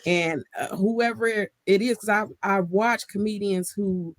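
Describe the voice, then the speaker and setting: Loud, high-energy Southern woman comedian. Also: measured pace, no room sound. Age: young adult. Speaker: comedian guest. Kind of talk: casual interview chat. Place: at home.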